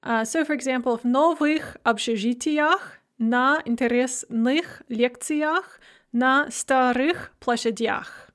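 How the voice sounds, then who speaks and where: A woman teaching a grammar lesson, explaining clearly in English and reading out careful Russian examples. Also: fairly high pitch. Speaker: language teacher.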